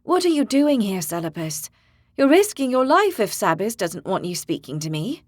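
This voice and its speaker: A woman narrator voicing a determined young woman warrior in an audiobook, speaking with forceful confidence. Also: medium pitch, big pitch swings, normal speed, no room sound, studio quality. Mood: defiant. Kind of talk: audiobook character voice.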